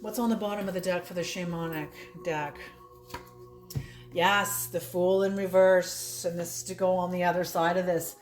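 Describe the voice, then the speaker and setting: A woman's voice: fairly low pitch, fairly even intonation, normal speed, faint music behind. A woman giving a casual spoken tarot reading, blunt and laughing often, swearing freely. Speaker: tarot reader. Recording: roomy echo.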